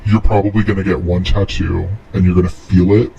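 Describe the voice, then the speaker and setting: A man voicing his doubting middle-aged mother, who predicts things in a flat, knowing way. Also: low-pitched, brisk, vocal fry, lo-fi sound, crowd noise, voice pushed down. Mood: dismissive.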